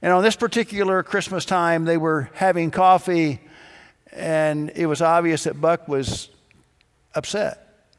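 A pastor delivering a sermon, telling stories and acting out the dialogue in different voices. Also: male voice, fairly high pitch, steady tone, a little slow, clear, resonant tone, in a large hall. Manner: storytelling, acts out dialogue in quoted voices.

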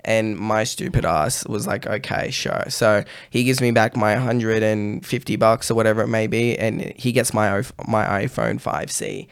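A man in casual podcast chat, telling an animated story with plenty of swearing and acted-out voices. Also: on the low side, moderate pace, gravelly, hardly any pauses, clean tone, no echo, clean studio sound.

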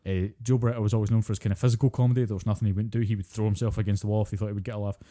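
A man's voice: fairly low pitch, level tone, rapid-fire, mellow. A Scottish man co-hosting a podcast, chatting casually and ranting with plenty of swearing. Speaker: podcast co-host.

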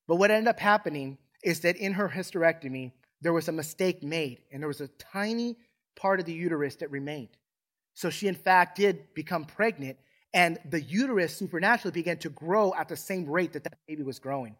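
Male pastor, sermon voice, a bit high-pitched, call-and-response preaching in a church. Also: a little fast, fairly bright tone. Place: church sanctuary.

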